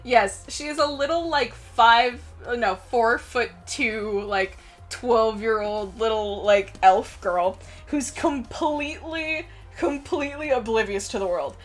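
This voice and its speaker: A woman's voice: a little high, slow, faint music behind. Giggly young woman streamer, chatty. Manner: giggly, rambling, swears freely. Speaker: streamer host. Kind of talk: casual chat.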